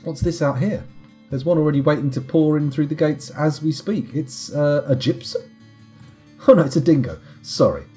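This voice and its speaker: A man's voice: on the high side, animated, normal speed, dark tone, faint music behind. A man giving casual, rambling commentary over a live game stream, full of wry, self-mocking asides. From United Kingdom.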